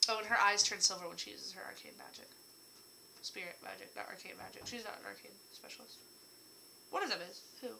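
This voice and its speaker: A young woman with a slightly hoarse voice, chatting casually and rambling about the characters she has written, with jokey asides. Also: mid-range voice, fast, sharp tone, slight background noise, rough recording. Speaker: writer describing her characters. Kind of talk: casual chat.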